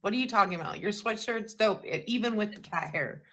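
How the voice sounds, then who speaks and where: A woman's voice: mid-range voice, expressive, a little fast, lo-fi sound. A woman interviewing casually on a video call, upbeat and encouraging, often saying "you know".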